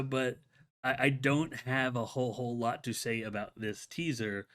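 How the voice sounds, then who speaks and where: A man's voice: lowish voice, fairly bright tone. A man hosting a solo live-stream show, chatting casually and enthusiastically, rambling with many restarts and filler words.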